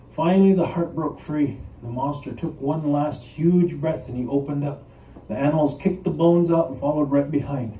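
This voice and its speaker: Brief: male storyteller, animated and playful, fairly high and very dark-toned. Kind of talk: live oral storytelling. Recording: echoey room, mic at a distance.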